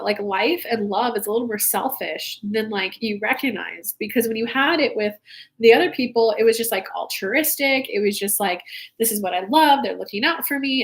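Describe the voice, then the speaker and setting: Young female spiritual coach, live-stream host, fairly high voice, loose and heartfelt, rambly. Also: a bit bright. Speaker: spiritual coach hosting a live reading show. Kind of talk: casual talk to live viewers.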